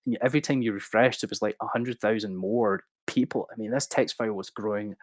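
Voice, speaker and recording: A man in his thirties telling an animated, swearing-laced story as a guest on a livestream. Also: on the low side, a little fast, slight background noise. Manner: animated anecdote-telling, swearing, acting out quotes. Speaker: guest speaker.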